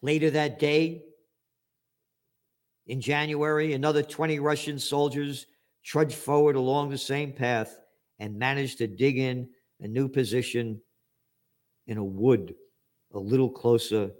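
A man delivering a political commentary rant, sarcastic and profane, rising to angry shouts. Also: medium pitch, steady tone, unhurried, pauses often.

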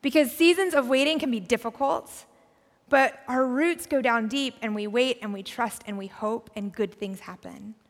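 A woman pastor giving a conversational, reflective sermon, often dropping to a soft, quiet voice. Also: fairly high pitch, moderate pace. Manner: conversational, reflective preaching with soft drops in volume. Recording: long hall reverb.

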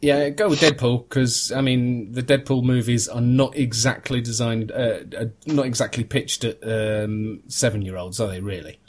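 A man's voice: mid-range voice, steady tone, moderate pace, few pauses. Guy hosting a podcast, rambly and jokey, lots of ums, mid voice. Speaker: podcast host. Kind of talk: casual podcast chat.

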